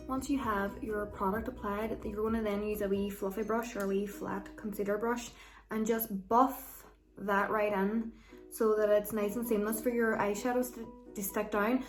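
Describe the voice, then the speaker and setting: A woman giving a casual, chatty makeup tutorial, with a loose way of talking and plenty of ums and likes. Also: mid-range voice. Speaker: makeup vlogger.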